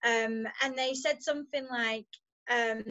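A woman's voice: a little high, fairly even intonation, a little slow, bright, forceful tone. A woman in her twenties, a supply teacher, chatting as a guest with frequent giggles. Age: 20s. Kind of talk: casual chat. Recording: dull lo-fi sound.

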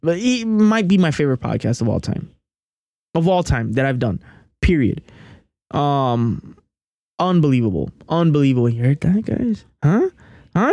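An excitable man hosts a podcast and talks in a loose, casual way, repeating his words again and again. His voice sits fairly high. The sound is close and dry. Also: moderate pace, long pauses, no room sound. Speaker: podcast host.

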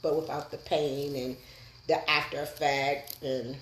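A woman's voice: deep voice, flat delivery, unhurried, reverberant, a little hiss or hum, poor audio. A woman who runs a massage business, a guest on a podcast, chatting in an easygoing way and laughing often. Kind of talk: casual podcast interview.

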